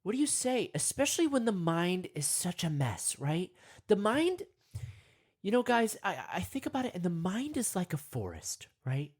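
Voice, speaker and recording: Speaking at a normal speed, a young man meanders through a comedic meditation monologue. He frequently addresses himself and bursts into high, excited voices.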